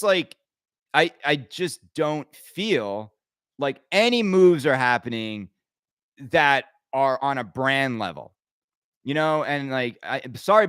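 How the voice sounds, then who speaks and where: A man's voice: a little high, a bit bright, no echo, studio quality. A man hosting his own podcast, ranting his opinions emphatically and rambling, with frequent stammered restarts. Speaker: podcast host.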